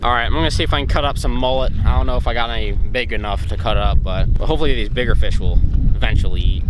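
A man vlogging his fishing trip from a boat, exclaiming excitedly over each catch. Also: medium pitch, fast. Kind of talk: excited outdoor fishing vlog. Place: on a boat on the water. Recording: noisy outdoor boat audio.

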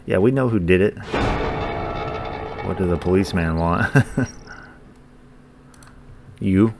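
A man's voice: sits low, slow pace, pauses often, background noise. A man hosting a gaming channel, giving profane, joking let's-play commentary and talking back to the characters on screen.

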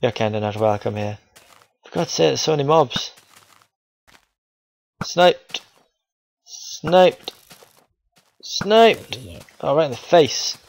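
Excitable young man narrating his gameplay. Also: medium pitch, fairly quick, gravelly, rough recording. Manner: excitable, frustrated outbursts at enemies; talks to the viewers. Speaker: gaming video host. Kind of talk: casual gameplay commentary.

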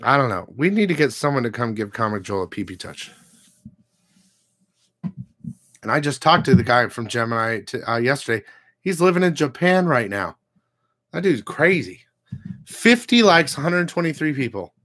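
A man's voice: medium pitch, animated, normal speed, pauses often, a bit bright. A man hosting a comic book channel, ranting casually to his viewers, blunt and profane, with rambling asides.

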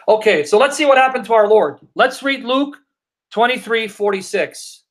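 Reading scripture aloud at a slow, deliberate pace, this Bible teacher takes viewer comments on a live Q&A stream. His expressive voice sits high and sounds fairly bright, and he stresses points emphatically by asking his questions again.

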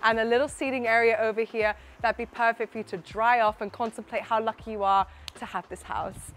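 A woman's voice: fairly high pitch, steady tone, a little fast, a bit bright, slight background noise. Enthusiastic woman giving a house tour. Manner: enthusiastic, chatty, addresses viewer directly. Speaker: real estate presenter. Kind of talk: property tour walkthrough. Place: inside a townhouse and on its rooftop terrace.

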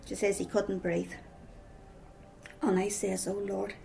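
Middle-aged Northern Irish woman, testimony storyteller, gravelly and dark-toned, faint hiss behind. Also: medium pitch, little pitch movement, slow, poor audio. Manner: storytelling with repeated "I says". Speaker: speaker giving a personal testimony. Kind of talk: personal testimony.

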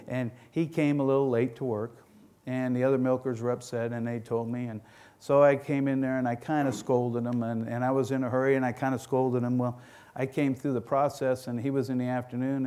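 A middle-aged man speaks at a conference in a folksy, storytelling way, often restarting and repeating his words. His voice sits in an ordinary middle pitch for a man. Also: a little mellow. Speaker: dairy farm owner giving a talk. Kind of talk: conference presentation.

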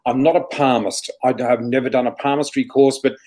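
A man, a psychic guest telling lively anecdotes, laughing often and acting out what people said. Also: medium pitch, a little fast. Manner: animated, laughs often, acts out quoted dialogue. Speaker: psychic flower reader, interview guest. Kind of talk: storytelling anecdote.

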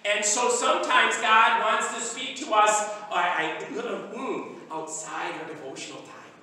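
A pastor with a high, ringing voice preaches in a chatty, joking way, acting out small everyday moments. He sounds set back from the microphone, and long reverb from a large hall trails every phrase. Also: slow pace, pushed and bright, slight background noise. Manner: conversational, jokey, acts out little scenes. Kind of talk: sermon. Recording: echoey hall, voice from far off.

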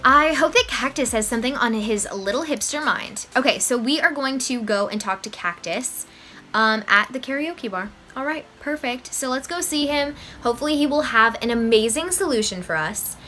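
A woman's voice: fairly high pitch, lively intonation, normal speed, pushed and bright, faint music behind. A young woman giving bubbly, giggly gameplay commentary as a vlogger. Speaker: gaming vlogger. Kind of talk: gameplay commentary with read dialogue.

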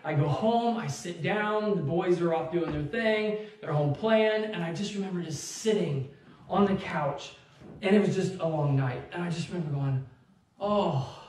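A man in his thirties delivers a sermon, and his voice sits high for a man. He tells a personal story with lively energy and acts out the people in it. The sound comes from a distant mic in a church with heavy echo. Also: slight background noise. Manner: animated storytelling, acts out quotes, laughs along. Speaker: pastor. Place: church sanctuary.

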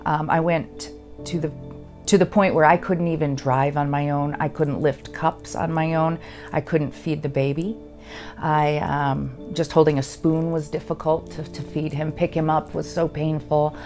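A woman veteran giving a halting, earnest personal testimony. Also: sits low, level tone, darkish tone, faint music behind. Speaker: veteran sharing her story.

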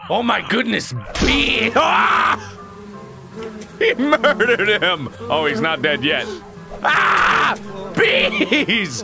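Hosting a gaming video, a man delivers let's play commentary full of horrified exclamations and frequent laughter. His voice sits a little high.

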